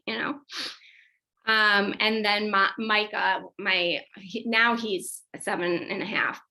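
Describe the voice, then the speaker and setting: Woman, 30s, psychologist, parent workshop, conversational, lots of fillers, bright tone. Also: mid-range voice, steady tone, takes it slowly, rough recording. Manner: chatty and conversational, with frequent fillers and self-corrections. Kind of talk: informal workshop presentation.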